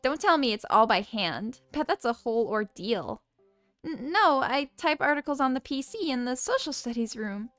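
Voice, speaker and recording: A woman's voice: high voice, very animated, moderate pace, fairly bright tone, no room sound, soft background music. A woman voicing a polite, eager teenage schoolgirl reporter in a game. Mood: earnest.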